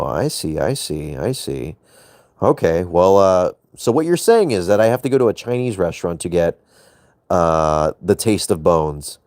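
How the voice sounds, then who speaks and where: Lively low-voiced teasing young man. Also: dry recording, clean studio sound. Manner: playful, teasing, joking innuendo. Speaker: livestreamer. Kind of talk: casual late-night livestream chat.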